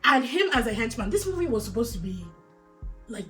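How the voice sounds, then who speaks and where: A woman with a fairly high voice chatting casually about a film. She sounds animated and opinionated, and laughter runs through her talk. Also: a little fast, faint music behind. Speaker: podcast co-host. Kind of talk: casual film review chat.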